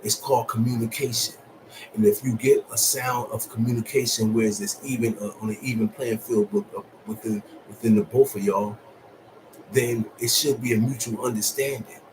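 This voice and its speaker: A man giving blunt, profane relationship advice in a casual monologue, moving from calm and low to loud and high. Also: normal speed, background noise. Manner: profane, blunt street talk with lots of laughing. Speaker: vlogger.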